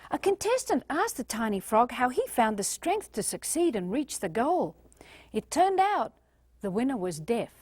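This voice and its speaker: A middle-aged Australian woman delivers a motivational talk with lively, swooping intonation and plenty of emphasis. Her voice sits a little high for a woman. The recording is dry and close, with no room sound. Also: normal speed, breathy edge, dry recording. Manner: animated, emphatic, acts out little scenes. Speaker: motivational speaker.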